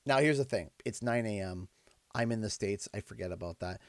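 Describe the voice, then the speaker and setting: A man with a Canadian accent, hosting a livestream and telling a casual story in an animated, exasperated way. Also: lowish voice, a little fast, dry recording. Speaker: livestream host. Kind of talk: casual storytelling while streaming.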